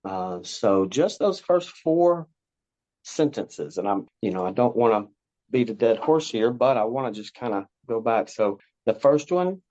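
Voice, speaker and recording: A man talking casually as a podcast guest, rambling through his points and circling back to repeat them. His voice sits at an ordinary middle pitch. The recording sounds a little dull and lo-fi. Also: expressive, a little slow, a little mellow. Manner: rambling, repeats words, acts out parent and child lines. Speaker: guest, parenting coach. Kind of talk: casual conversational explaining.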